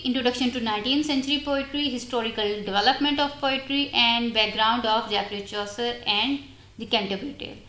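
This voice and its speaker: In an echoey, roomy recording of a university lecture on English literature, a woman speaks directly to her students. Her voice sits on the high side with a sharp tone, and she often stops and restarts her explanations.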